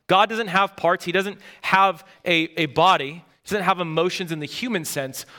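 A male pastor delivers a sermon with a high, bright voice that keeps an edge of intensity. He hammers his points home by repeating key words and phrases. His delivery is emphatic and earnest throughout.

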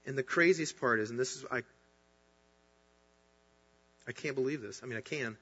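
A man's voice: mid-range voice, moderate pace, slightly rough. A man preaching an earnest, emphatic sermon as a pastor. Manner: earnest, emphatic preaching with rising bursts of excitement. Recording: dull sound with long hall reverb.

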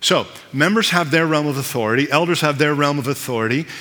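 A man's voice: fairly high pitch, quick pace, a bit bright, in a large hall. A man preaching a sermon as pastor, conversational with self-deprecating asides.

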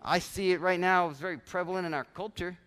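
A male pastor preaching a sermon with animated delivery, now and then acting out everyday voices to make his point. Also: high voice, fast talker, smooth. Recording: long church hall reverb.

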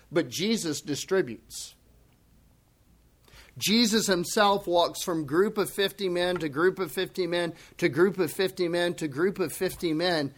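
A man preaching a sermon as pastor, swinging from hushed near-whispers to emphatic outbursts and acting out voices in conversational asides. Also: on the high side. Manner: acts out quoted speech in conversational asides.

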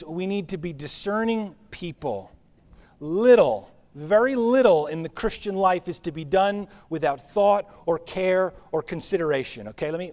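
A man preaching a sermon as pastor, with a conversational, animated delivery. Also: fairly high pitch. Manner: animated, conversational preaching with acted-out crowd voices.

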